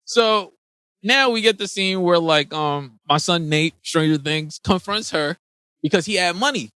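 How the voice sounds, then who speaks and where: A man's voice: high voice, measured pace, bright, forceful tone, smooth, no room sound. A man co-hosting a podcast, talking in laid-back, slangy and profane banter and laughing often. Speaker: podcast co-host. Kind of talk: casual movie-review chat.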